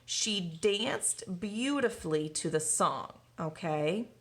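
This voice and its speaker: Slow, patient woman teaching children. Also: lowish voice, animated. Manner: slow, patient, asks and answers own questions. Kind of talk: recorded grammar lesson for children.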